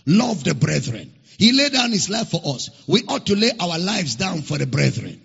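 A man's voice: a little high, sing-song, moderate pace, creaky, fairly bright tone, slightly rough. A man preaching a sermon as a pastor, stressing points by repeating phrases, in a church hall. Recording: dull lo-fi recording with long hall reverb.

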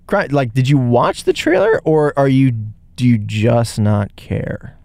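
A man co-hosting a casual movie review chat, animated and jokey with quick asides. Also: medium pitch, gravelly, no room sound. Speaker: podcast co-host.

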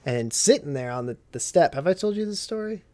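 A man's voice: a little high, expressive, fairly quick, a little mellow. Profane, laughing male podcast storyteller. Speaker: podcast host. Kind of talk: casual storytelling chat. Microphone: video call.

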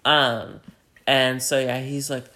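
A man co-hosting a podcast, casually retelling a TV episode with lots of filler words and loud acted-out lines. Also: medium pitch, flat delivery, takes it slowly. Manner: rambling, acts out lines in loud put-on voices. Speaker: podcast co-host.

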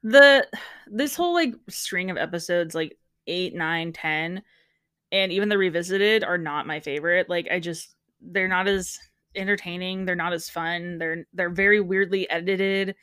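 A woman's voice: fairly low pitch, moderate pace, a bit bright, smooth, no room sound, studio quality. A young woman hosting a podcast, talking casually, frankly, and laughing often. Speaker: podcast host. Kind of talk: casual chat.

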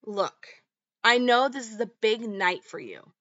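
A woman's voice: on the high side, lively intonation, unhurried, fairly bright tone, dry recording, lo-fi sound. A woman voicing a short-tempered alcoholic mother, snapping and swearing as she reads the lines out. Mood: angry, fed up. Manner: read-out quotes, snapping and swearing.

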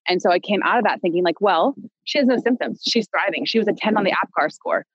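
A young woman talks as a podcast guest, winding through her story with lots of fillers and self-corrections. Her voice sits at a middle pitch. The sound is dry and a bit dull, as if slightly muffled. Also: expressive, quick pace, breathy edge, no room sound. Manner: rambling, many fillers and restarts, laughs now and then. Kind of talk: casual conversational storytelling.

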